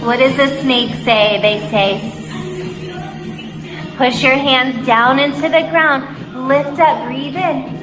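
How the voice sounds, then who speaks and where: A high-voiced woman leads a children's yoga class in a slow, gentle sing-song. Her voice rings in a roomy space, with music playing clearly underneath. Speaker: kids' yoga instructor. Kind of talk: guided kids' yoga class. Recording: roomy echo with music behind. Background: background music.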